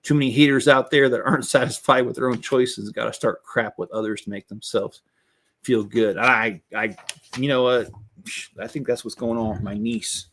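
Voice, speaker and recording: Here the Lego builder and host sounds mid-range and fairly bright, keeping his intonation fairly even at a normal speed. He's a middle-aged man chatting candidly as he works, rambling through plenty of false starts and tangents.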